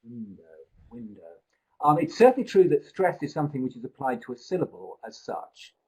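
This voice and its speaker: A man's voice: a little high, big pitch swings, fast talker, darkish tone, husky, low-quality recording. A man tutoring a live online pronunciation seminar, explaining at length and thinking aloud with restarts, speaking into a computer mic.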